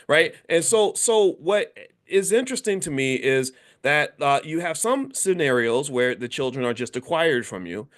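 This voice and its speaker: A middle-aged man giving a casual commentary monologue, animated and often restarting and repeating words. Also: medium pitch.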